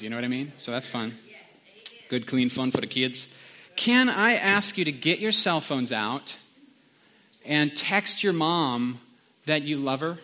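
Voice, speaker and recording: A man's voice: mid-range voice, pushed and bright. A middle-aged man preaching as a pastor, telling a story in a chatty, self-deprecating way with lots of fillers. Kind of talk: casual sermon with anecdotes.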